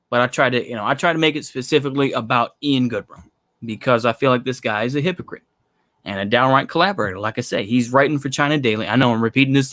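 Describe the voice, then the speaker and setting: A man's voice: mid-range voice, a bit bright, no room sound. A man delivering a blunt, profane opinion monologue in a casual, rambling way, with lots of filler phrases. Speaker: commentary channel host.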